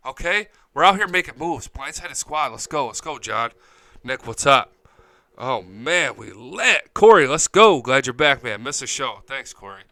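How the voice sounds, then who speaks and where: A man's voice: on the high side, expressive, normal speed, creaky, bright, forceful tone, no room sound, low-quality recording. A man hosting a live-streamed sports talk show, hyped and profane, jumping from topic to topic. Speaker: sports podcast host. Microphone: studio mic, close and dry.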